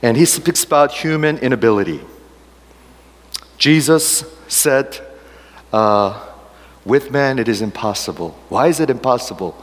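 A man's voice: mid-range voice, expressive, a little slow, pauses often. Man preaching in an echoing hall. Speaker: pastor. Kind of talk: sermon.

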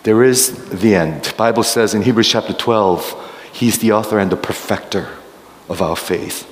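A man's voice: lowish voice, moderate pace, slight background noise. Emphatic male pastor in a reverberant hall. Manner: emphatic, questioning the congregation. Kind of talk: sermon.

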